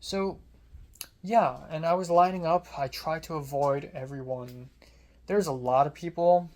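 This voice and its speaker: A young adult vlogger with an American accent rambles through a story. The delivery is sardonic and casual, peppered with quick asides. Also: medium pitch, a little mellow.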